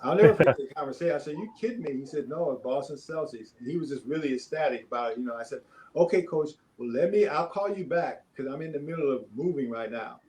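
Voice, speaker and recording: An older man, a former basketball player, telling stories as a podcast guest in a relaxed, rambling way with many fillers. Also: on the high side, fast talker, low-quality recording. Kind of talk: casual storytelling.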